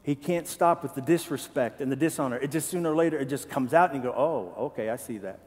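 A man pastor preaching a sermon in a church, animated and joking, asking the congregation questions. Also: on the high side, quick pace, in a large hall. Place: church sanctuary.

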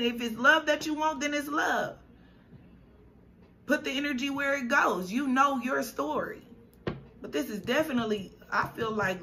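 Woman doing a tarot reading, choked up, keeps repeating herself, bright voice. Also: mid-range voice, a little hiss or hum. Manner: emotional, repetitive, affirming. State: choked up, near tears. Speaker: tarot reader.

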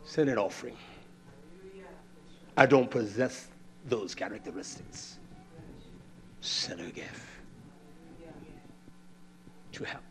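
Brief: male preacher, blunt, conversational sermon delivery, mid pitch. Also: slow pace, pauses often, fairly bright tone. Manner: conversational, plain-spoken, acts out scenes.

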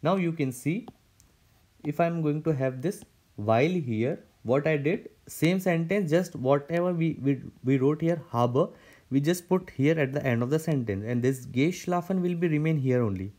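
A man's voice: fairly high pitch, animated, moderate pace, mellow. A man teaching a German grammar lesson, explaining step by step with frequent repetitions and restarts.

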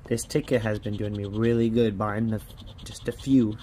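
A man with a warm, fairly low voice speaks levelly at a moderate pace against slight background noise. Hosting his lottery scratch-off channel's casual vlog, he scratches tickets, grumbling in frustration and repeatedly saying "man" at the ends of sentences.

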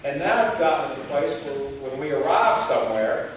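A man's voice: a little high, big pitch swings, a little fast. A man from Tennessee with a Tennessee accent, a television host giving an enthusiastic, folksy speech to a college audience. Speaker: television host speaking as a guest. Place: large echoey college hall. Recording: echoey hall, distant and noisy.

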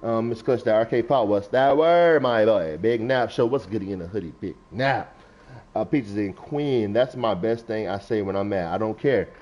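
A man's voice: on the low side, normal speed, darkish tone. A young adult man, a gaming streamer, riffing casually and preachily about feelings while reading chat aloud. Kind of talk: casual livestream talk. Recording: lo-fi stream mic.

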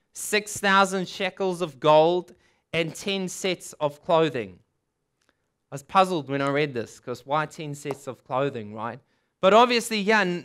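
Male pastor, sermon delivery, high bright register, clean resonant tone, casual storytelling that voices the characters. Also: clean tone. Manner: retells the story casually, acting out quoted figures.

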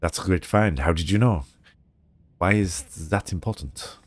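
A man's voice: low-pitched, moderate pace, no echo. A man voicing an inquisitive woman, with a weak put-on accent.

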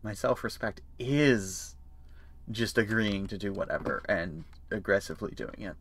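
A man's voice: on the low side, unhurried, fairly bright tone, slight background noise. A man streaming a horror game in casual commentary, playful and self-mocking, swearing freely as he jokes along.

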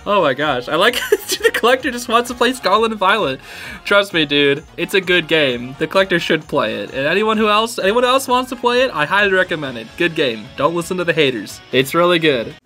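A man hosting a reaction video, excitable, laughing often and saying "dude" a lot. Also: sits high, a little fast, soft background music. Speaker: host reacting to fan videos. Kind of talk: casual reaction commentary.

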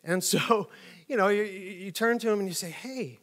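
Male pastor, middle-aged, high-pitched, animated, comic storyteller. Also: normal speed. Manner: animated storytelling with jokes and acted-out voices. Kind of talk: conversational sermon.

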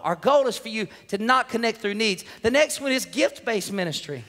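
High, bright-voiced man preaching. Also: lively intonation, normal speed, few pauses. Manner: earnest, emotional storytelling. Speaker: pastor. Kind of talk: sermon. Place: church sanctuary. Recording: long church hall reverb.

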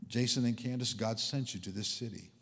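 Male guest preacher, lively sermon delivery with loud highs and whispered lows, long hall reverb. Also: a little fast. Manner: dynamic, swings between loud exclamations and hushed whispers. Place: church hall.

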